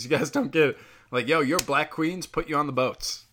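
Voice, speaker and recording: A man's voice: a little high, steady tone, moderate pace, fairly bright tone, a little hiss or hum. A man delivering a heated, profane opinion rant, rambling with fillers as he talks.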